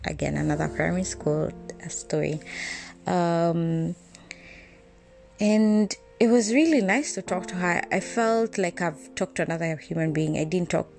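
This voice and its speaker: A woman's voice: on the low side, measured pace, creaky, darkish tone, faint music behind. A woman from Kenya, hosting a podcast and telling a personal story in a candid, reflective way. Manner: candid, reflective, with frequent restarts. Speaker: podcast host.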